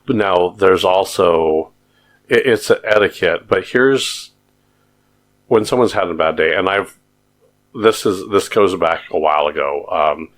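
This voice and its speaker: A man's voice: low-pitched, a little slow. A man co-hosting a podcast, telling stories in a rambling, hesitant casual chat. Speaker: podcast co-host.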